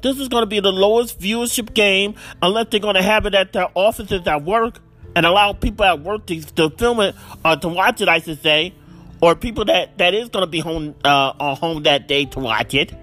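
A man's voice: sits high, normal speed, bright, forceful tone, faint music behind. A man hosting a solo football picks podcast, ranting in exasperation and repeating himself. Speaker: podcast host.

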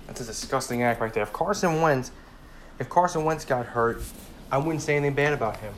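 A man's voice: mid-range voice, brisk, a little hiss or hum. A twenty-year-old man ranting casually about a football game, heated, swearing often and repeating himself as he rambles. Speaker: sports fan vlogger.

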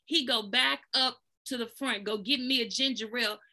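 A woman with a bright, ringing voice gives a casual spoken testimony. She tells a lively, folksy story and acts out the people in it with sudden jumps in pitch. She keeps turning to her listeners as if she were chatting with them. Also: normal speed. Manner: folksy, addresses listeners as "y'all". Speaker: therapist sharing a testimony.

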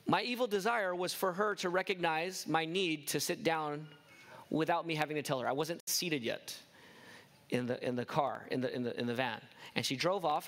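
A man's voice: on the high side, a bit bright. A middle-aged man preaching a sermon as a pastor, earnest, often asking the listeners questions.

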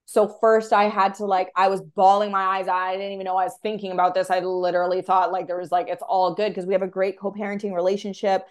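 A woman podcast host telling a spiritual story in casual, animated speech full of fillers. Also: medium pitch, fast talker, hardly any pauses. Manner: animated, filler-heavy, emotional.

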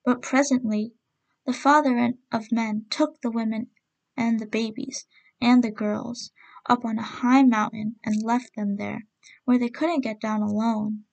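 A woman narrating a folk tale as storyteller host, reading in a gentle, measured way. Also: a little high, steady tone, vocal fry.

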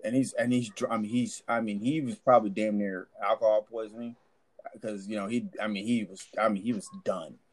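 A former army sergeant with a fairly low, steady voice tells a barracks story fairly quickly. It's a casual, rambling, profanity-laced chat with plenty of restarts.

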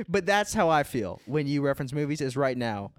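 A man's voice: a little high, sing-song, normal speed, no echo. A young man chatting casually as a podcast co-host, rambling and laid-back, with lots of "like" and "dude". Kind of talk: casual chat.

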